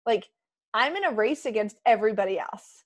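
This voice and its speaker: A young woman leading a casual motivational team call over a computer mic, chatty and excitable with quick asides. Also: fairly high pitch.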